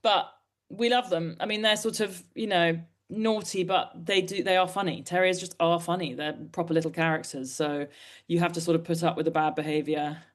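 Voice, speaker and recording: A woman's voice: lowish voice, fairly even intonation, fairly quick. A woman in her forties from Britain, an author being interviewed, telling stories in a candid, rambling, self-deprecating way. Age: 40s. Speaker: author guest. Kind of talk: candid conversational storytelling.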